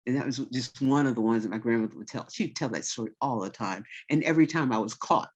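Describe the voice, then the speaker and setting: A woman storyteller telling a childhood tale in a relaxed, folksy, conversational way, full of vivid detail. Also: rumbling low, quick pace, breathy edge. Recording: slightly dull recording.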